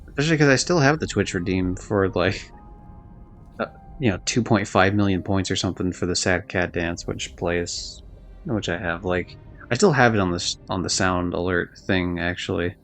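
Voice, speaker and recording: A man's voice: deep voice, moderate pace, faint music behind. A man streaming a video game live, chatting loosely and rambling, swearing now and then. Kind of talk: casual live-stream chat while gaming.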